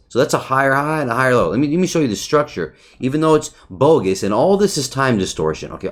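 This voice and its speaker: A man casually reviewing a trading chart, talking loosely, swearing often, restarting phrases and checking in with "right?". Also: mid-range voice. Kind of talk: casual market recap over a chart.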